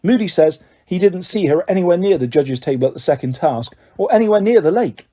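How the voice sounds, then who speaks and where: A man voicing a stubborn, bookish teenage schoolgirl in a brisk, insistent manner. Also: high voice, animated, dark tone.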